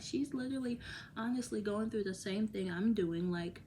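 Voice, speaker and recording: A woman's voice: a little high, moderate pace, darkish tone, slight background noise. A woman talking casually to her viewers in a rambling vlog, laughing often and sometimes dropping to a whisper. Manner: drops to a whisper at times. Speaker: vlogger. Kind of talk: casual chat to camera.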